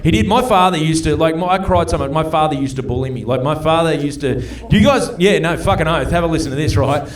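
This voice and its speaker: A rather high-voiced Australian man in his forties works a comedy club crowd with a chatty, profane stand-up set. He is heard from some distance off the mic, and the room adds a clear echo. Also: quick pace. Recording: roomy live club sound from a distance.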